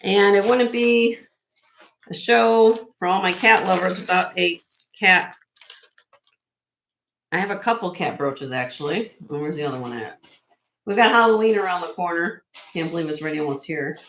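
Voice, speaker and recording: A woman's voice: on the low side, moderate pace, pauses often, a bit bright, slight background noise, poor audio. Chatty Midwestern woman gushing over jewelry. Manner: chatty and effusive, gushing over each piece. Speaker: host selling vintage jewelry on a live stream. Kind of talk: live-stream sales chat.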